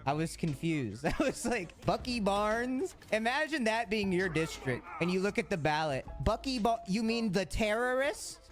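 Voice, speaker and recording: A man's voice: sits high, a bit bright. Man, sarcastic commentary, incredulous, faint music. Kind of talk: comedic commentary.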